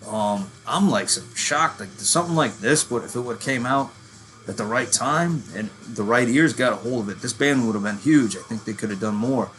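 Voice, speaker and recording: A man's voice: mid-range voice, expressive, moderate pace, fairly bright tone. A man in his thirties ranting casually about metal bands, profane and rambling, calling himself a working-class hillbilly. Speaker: metal channel host. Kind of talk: casual rant.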